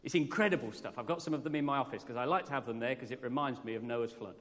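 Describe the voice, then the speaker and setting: A man's voice: mid-range voice, rapid-fire. Earnest preacher man in a reverberant church. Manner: earnest, conversational, asks the congregation questions. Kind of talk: sermon. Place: church during a morning service. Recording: long reverb from a church hall.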